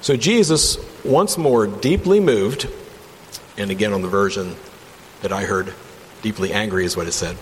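An enthusiastic man with a fairly low voice leads a relaxed Bible study, reading aloud and then talking it through. He sounds conversational rather than preachy. A long reverb trails his words over a faint background hum. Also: a little fast. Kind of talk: casual Bible teaching.

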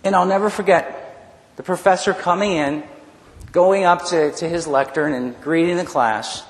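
A man with a fairly high voice tells his own story from the pulpit, animated and full of restarts. The sound rings through a large hall with a long reverb tail. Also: moderate pace. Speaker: preacher. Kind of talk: personal testimony sermon.

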